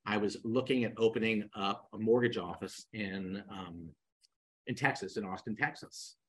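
A man in his sixties, a podcast guest, telling animated stories and acting out the dialogue. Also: fairly low pitch, moderate pace, slightly rough, rough recording. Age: 60s. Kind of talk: storytelling in a podcast interview.

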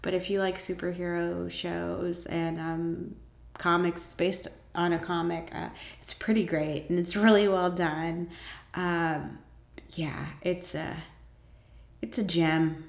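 A woman's voice: lowish voice, little pitch movement, slow pace, gravelly, echoey room. A woman vlogger chatting casually about shows and books she enjoys, with many ums and eager asides.

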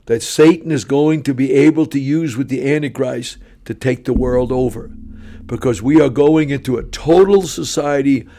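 A man in his seventies, a traveling preacher telling stories in a sarcastic, animated way that often climbs into shouting. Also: medium pitch, normal speed. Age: 70s.

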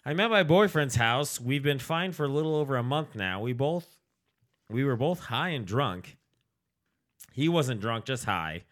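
Podcast co-host, male, bright and animated, jokey delivery. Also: mid-range voice, unhurried. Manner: joking, reads listener letters aloud, does silly voices. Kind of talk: casual comedic podcast chat.

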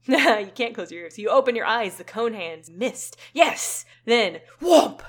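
A woman reads a choose-your-own-adventure book aloud, animated and wry, breaking off for quick comments. Her voice sits at a middling pitch. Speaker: co-host reading aloud. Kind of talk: comic book reading.

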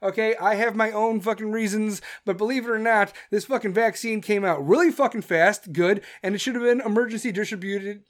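Swearing and sarcastic, a female political commentator in her thirties delivers an angry rant, mocking others by putting on voices. She speaks in a mid-range voice, fairly quickly, barely pausing.

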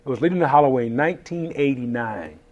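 A man in his fifties, a chef telling stories in a casual interview, animated and laughing as he acts out quotes. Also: mid-range voice, fast, highs cut off.

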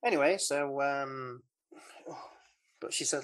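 A woman's voice: a bass voice, unhurried. A woman, casually recapping a film as a podcast co-host, rambling and giggly with many fillers. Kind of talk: casual chat.

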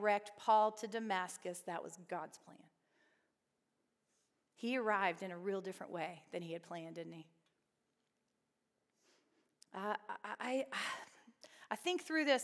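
A woman's voice: on the high side, fairly bright tone. A woman leading a Bible study group, talking conversationally and often asking her listeners questions. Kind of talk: women's Bible study teaching. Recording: reverberant hall.

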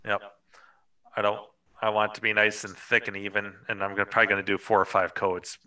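A man's voice: lowish voice, little pitch movement, fast talker, sharp tone, no echo, poor audio. A man hosting a podcast in casual chat, rambling with lots of fillers and swearing. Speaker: podcast host.

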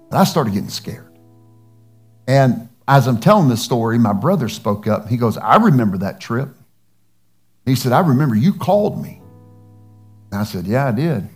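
A man preaches, telling a personal story with earnest restarts and acted-out dialogue. His voice sits at an ordinary middle pitch, and faint music plays softly behind him. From United States. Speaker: pastor. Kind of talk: sermon storytelling.

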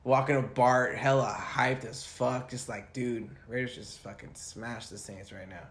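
A man's voice: mid-range voice, measured pace. A young man talks casually and profanely, telling stories packed with slang. His voice sits in a middle register. The room around him is echoey. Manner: profane, animated storytelling with slang. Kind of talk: casual chat.

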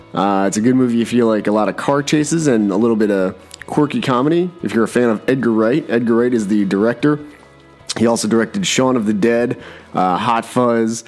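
A man's voice: lowish voice, a little mellow. A man hosting his own podcast in a rambling, self-deprecating way, often restarting his sentences. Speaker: podcast host. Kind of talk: casual podcast monologue.

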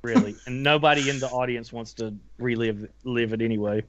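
A man's voice: medium pitch, brisk. Rambling sardonic man on a dull mic. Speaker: podcast co-host. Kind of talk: casual chat.

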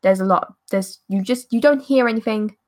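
A woman's voice: fairly high pitch, moderate pace, darkish tone. Woman game master narrating casually. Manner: casual, rambling, hesitant.

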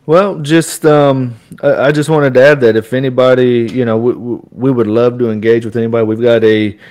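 A man's voice: mid-range voice, little pitch movement, darkish tone. A man with a Texan accent co-hosting a podcast, talking casually with frequent restarts and a joking tone. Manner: halting, many restarts, joking. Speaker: podcast co-host.

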